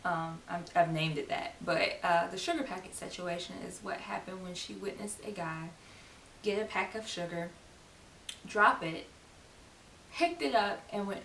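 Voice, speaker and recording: A woman's voice: on the low side, moderate pace, a bit bright. A young woman vlogging in a casual, chatty way, with laughing asides and quoted lines acted out. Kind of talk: casual talk to camera. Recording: roomy echo, distant mic, faint hiss.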